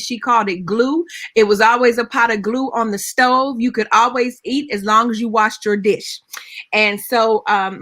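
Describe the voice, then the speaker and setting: A woman from Pittsburgh on a discussion panel, telling a personal story in an animated, emphatic way with frequent ums. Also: fairly high pitch. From Pittsburgh, Pennsylvania, US. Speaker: panelist and preacher.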